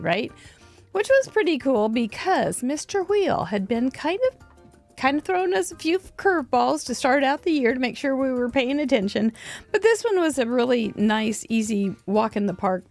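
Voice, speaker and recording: A woman hosting a crafting show, chatting warmly about mail and cards with frequent little laughs. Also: fairly high pitch. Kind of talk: casual chat over a card slideshow. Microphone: desk microphone.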